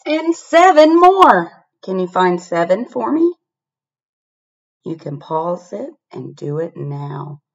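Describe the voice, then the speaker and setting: A woman reads a picture book aloud to children, slowly and with a voice that leaps up and down. She keeps inviting the young listeners to look and count along. Her voice comes through a laptop webcam, dull and lo-fi. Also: on the low side, vocal fry, slightly rough. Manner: animated, asks the listener to find things. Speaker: storybook reader.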